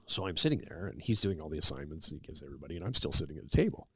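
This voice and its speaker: A middle-aged man, a podcast guest, telling long stories in a relaxed, casual way and acting out the lines of the people in them. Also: a bass voice, rapid-fire, breathy edge, dry recording, clean studio sound. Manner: relaxed anecdotal storyteller, acts out quoted dialogue. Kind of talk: casual storytelling interview.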